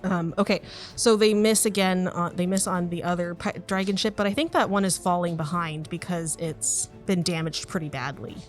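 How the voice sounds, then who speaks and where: A woman's voice: lowish voice, steady tone, moderate pace, hardly any pauses, faint music behind. A woman narrating as game master of a tabletop game, chatty and laughing often.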